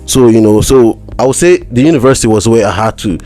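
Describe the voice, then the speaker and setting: A man from Nigeria, a mental health practitioner chatting as a podcast guest. He talks haltingly and repeats words with a slight stammer. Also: mid-range voice, lively intonation, mellow, soft background music. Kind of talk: casual conversation.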